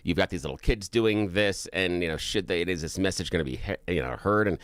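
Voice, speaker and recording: A man's voice: low voice, a little fast, no room sound. A man co-hosting a talk radio show, chatting casually and telling anecdotes with gusto, from a radio studio microphone. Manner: animated storyteller who laughs at his own anecdotes. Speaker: radio co-host.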